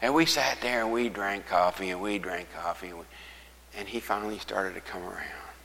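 A male pastor preaching a storytelling sermon in a folksy way, often dropping to hushed near-whispers. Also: lowish voice, normal speed, vocal fry, in a large hall, slight background noise, poor audio.

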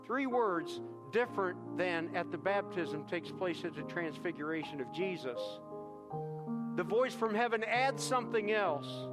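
A man preaching a sermon, earnest and emphatic, repeating phrases and swinging between hushed stretches and louder bursts. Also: sits high, expressive, a little slow, over music. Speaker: pastor.

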